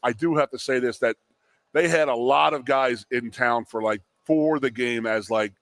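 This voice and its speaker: A man in his forties co-hosts a sports talk show and tells an old recruiting story in casual chat. He is an animated storyteller who acts out quotes in raised voices, at a pitch in an ordinary middle range. The booth sounds dry and close, with no room behind him. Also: moderate pace, no room sound. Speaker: radio show co-host, former college lineman. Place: studio at a restaurant.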